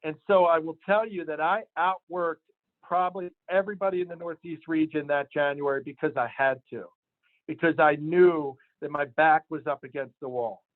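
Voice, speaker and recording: Male sales manager, emphatic motivational storyteller, slightly high pitch, dry and tinny audio. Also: moderate pace, dry recording. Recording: tinny phone-line sound, dry.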